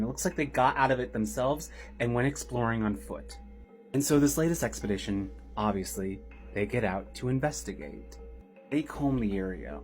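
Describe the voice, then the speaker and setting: A man casually telling a horror story, chatty with slang asides and dramatic build-up. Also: mid-range voice.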